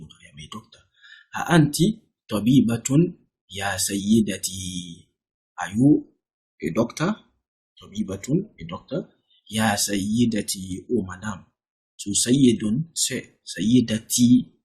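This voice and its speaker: A man's voice: fairly low pitch, breathy edge. A man teaching an Arabic lesson, who reads example sentences and then translates and explains each one.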